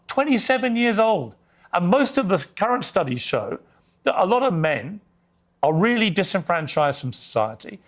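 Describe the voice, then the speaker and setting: A man interviewing a guest, pressing him with pointed, confrontational questions. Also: a little high.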